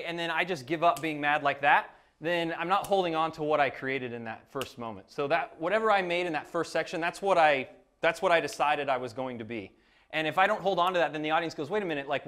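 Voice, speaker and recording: A man's voice: on the high side, fairly bright tone. A young man, a creative professional, casually explaining an idea with lots of ums and loose asides. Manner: loose and rambling, frequent ums.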